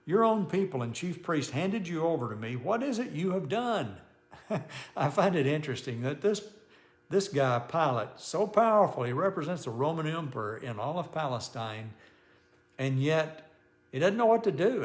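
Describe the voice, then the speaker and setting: Chatty pastor teaching a Bible study. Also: male voice, a little high, very animated, normal speed. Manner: conversational, restarts sentences, chuckles often, reads scripture aloud.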